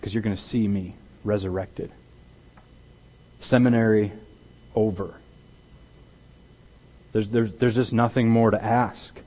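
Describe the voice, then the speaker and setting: A pastor delivering a conversational sermon, often restarting his sentences and growing animated when he acts out what is said. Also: on the low side, takes it slowly, long pauses, poor audio. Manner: conversational with repeated restarts, grows loud and animated in dramatized quotes.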